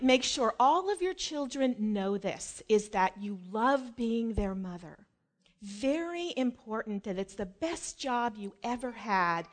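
A middle-aged woman with a high voice, talking casually about raising children. She is chatty and animated, acting out family moments, and often restarts her sentences along the way. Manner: animated, acts out family anecdotes; chatty with many fillers and restarts. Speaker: mother giving parenting advice. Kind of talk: casual storytelling talk.

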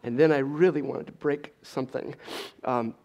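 A man's voice: medium pitch, steady tone, moderate pace, darkish tone. A middle-aged man telling an audience an emotional personal testimony, earnest and urgent. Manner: earnest, urgent, intense retelling. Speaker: speaker giving a personal testimony.

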